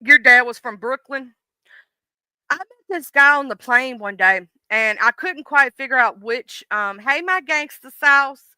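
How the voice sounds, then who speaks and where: Reading viewer comments aloud, a Southern-accented woman hosts a live stream in an easygoing, folksy manner, greeting her audience by name. Her very bright, clear voice runs on the high side and a little slow. The recording is close and dry.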